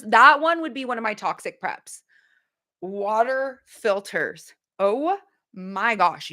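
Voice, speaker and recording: A woman, hosting a casual livestream and joking with her viewers in an animated way. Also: mid-range voice. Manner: animated, joking, addresses chat as y'all. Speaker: livestream host.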